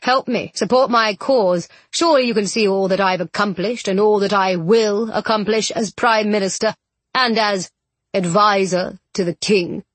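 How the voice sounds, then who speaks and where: A woman's voice: mid-range voice, moderate pace, no echo, natural voice. A woman voicing an older aristocratic male villain, smug and condescending, speaking in a silky manner. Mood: menacing.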